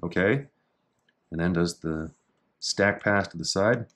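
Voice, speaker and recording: A middle-aged man casually talking through techniques in a martial arts book, with dry offhand asides and slow, halting reading of foreign terms. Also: low voice, fairly bright tone. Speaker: jiu-jitsu instructor reviewing a technique book. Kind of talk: casual commentary.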